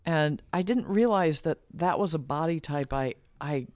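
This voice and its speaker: A woman's voice: lively intonation, moderate pace, dry recording. Earnest middle-aged woman, dry close sound. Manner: warm, earnest, laughs often, acts out quotes in a high voice. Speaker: guest, author and shamanic practitioner. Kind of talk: casual interview talk.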